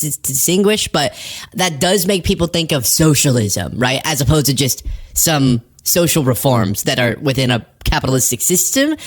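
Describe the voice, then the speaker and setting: A woman hosting casual political commentary, sarcastic and animated, laughing at her own jokes. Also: deep voice.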